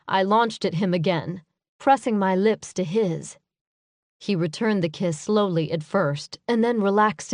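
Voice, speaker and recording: A woman reading an audiobook in first person, with measured, unhurried storytelling. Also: medium pitch, dry recording, studio quality. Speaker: audiobook narrator. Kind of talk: first-person scripted narration.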